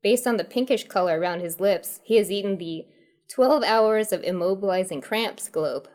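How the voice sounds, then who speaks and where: A woman's voice: mid-range voice, moderate pace, a little mellow. Giggly woman reading a comic horror tale. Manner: breaks into giggles while reading. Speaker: storyteller host. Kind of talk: reading a choose-your-path horror comedy tale.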